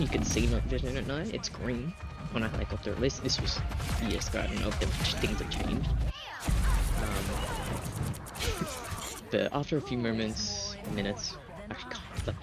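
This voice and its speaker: Over game music, a young man with a lowish, vocal-fry voice tells a rambling storytime tale while gaming. He fills it with lots of fillers and giggles in a casual way.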